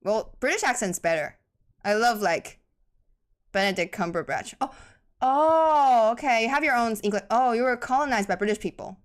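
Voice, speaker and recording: A woman from Taiwan with a Taiwanese accent, a native Mandarin speaker, doing chatty, excitable live esports commentary in English. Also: medium pitch. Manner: excitable, chatty, quick to laugh and gasp. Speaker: esports caster.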